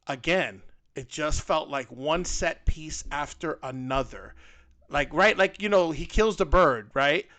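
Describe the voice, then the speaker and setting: A male co-host talking casually on a fan podcast, animated and rambling, with plenty of fillers. His voice sits a little high and sounds bright and forceful. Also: unhurried. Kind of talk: casual panel chat.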